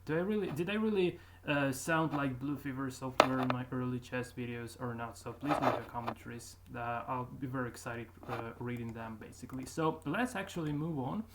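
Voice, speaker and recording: A man's voice: medium pitch, brisk, hardly any pauses. A man commenting casually on his own old videos, talking hesitantly with many fillers and restarts. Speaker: YouTuber reviewing his own accent progress. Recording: steady background noise.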